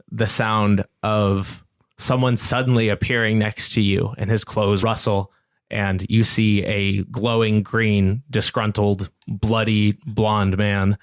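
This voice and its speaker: A man narrating as game master of a tabletop game, relaxed and easygoing. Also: fairly low pitch, slow pace, dry recording, studio quality. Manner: relaxed, laughs between narration.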